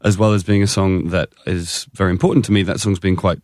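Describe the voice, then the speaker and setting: A man's voice: sits low, steady tone, quick pace, a little mellow, no echo, clean studio sound. A man chatting as a guest on a podcast, swearing freely and restarting his sentences often. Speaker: guest musician. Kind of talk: casual podcast chat.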